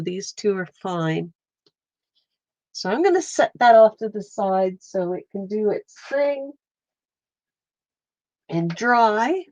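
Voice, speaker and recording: Slow-talking stuffy-nosed woman streamer. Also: medium pitch, darkish tone, dry recording. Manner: chatty, greets viewers while painting. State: stuffy nose. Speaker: livestream host. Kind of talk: casual live art stream.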